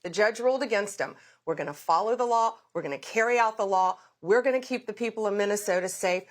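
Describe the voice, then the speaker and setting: A woman's voice: mid-range voice, quick pace. A middle-aged woman answering questions in a political news interview, telling events in vivid detail and making firm, repeated vows. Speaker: interview guest, government official.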